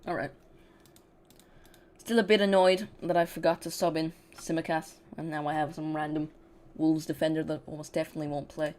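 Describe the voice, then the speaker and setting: Football watch-along host, chatty and loose, talks straight to the chat, mid-pitched voice. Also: little pitch movement, fairly quick, darkish tone. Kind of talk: casual live watch-along commentary.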